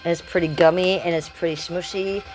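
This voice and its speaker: A woman on a casual live stream from her home, rambling excitedly to her viewers and swearing freely. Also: on the low side, a little fast, over music. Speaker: livestreamer. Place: at home by a window.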